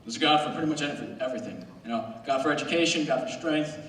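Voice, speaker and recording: A man's voice: a little high, racing, fairly bright tone. Teen boy doing stand-up in an echoey hall. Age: teens. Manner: casual, rambling, self-mocking, with brief put-on voices. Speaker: student stand-up comedian. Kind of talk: stand-up comedy set. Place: school auditorium stage. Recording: very echoey hall recorded from far off.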